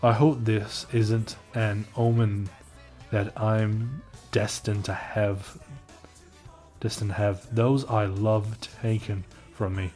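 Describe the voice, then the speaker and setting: A man voicing a gentle, worried young princess in a comic reading, soft and wistful. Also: fairly low pitch, level tone, slow, faint music behind.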